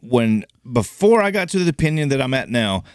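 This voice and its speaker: A man's voice: mid-range voice, sing-song, brisk, no echo, clean studio sound. A man co-hosting a podcast, talkative and teasing, explaining things at length. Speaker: podcast co-host. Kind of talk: casual chat.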